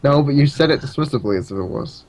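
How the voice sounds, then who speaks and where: A man's voice: mid-range voice, animated, very fast, a little mellow, dry recording. A man co-hosting a casual gaming podcast, teasing the others and laughing often. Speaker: podcast co-host.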